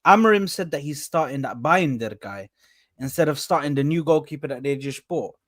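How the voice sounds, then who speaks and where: A young man hosting a casual football podcast, rambling and animated, swearing freely. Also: fairly high pitch, fairly quick, no echo, clean studio sound. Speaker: podcast host.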